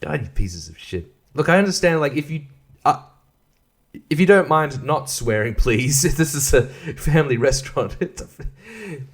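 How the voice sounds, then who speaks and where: A man's voice: on the high side, expressive, normal speed. Profane rambling man hosting a solo podcast. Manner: profane, rambling, laughs often, stammers and restarts. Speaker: podcast host.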